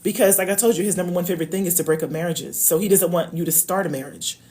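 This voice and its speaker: A woman's voice: on the low side, rapid-fire, dark tone. Emphatic woman on a live stream. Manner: emphatic, preachy, addresses viewers as y'all. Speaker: love coach. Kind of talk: casual live-stream talk.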